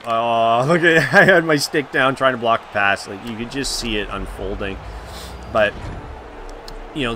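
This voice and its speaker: A man commenting live on the hockey video game he is playing, reacting loudly to each play and groaning at his mistakes. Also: medium pitch, noisy background. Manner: excitable, reacts loudly, groans and laughs at plays. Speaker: gaming channel host.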